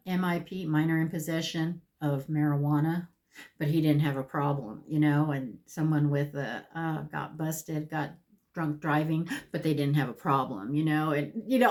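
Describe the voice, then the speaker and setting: A woman vlogger telling her own story in a casual, animated, candid way, with plenty of swearing. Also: on the low side. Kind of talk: casual storytelling while getting ready.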